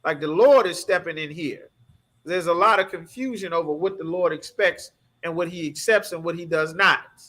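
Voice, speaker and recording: Emphatic, high-voiced male preacher. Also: moderate pace, bright, forceful tone. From United States. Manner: emphatic, streetwise preaching with rhetorical questions. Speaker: scripture class teacher. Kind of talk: preaching scripture breakdown.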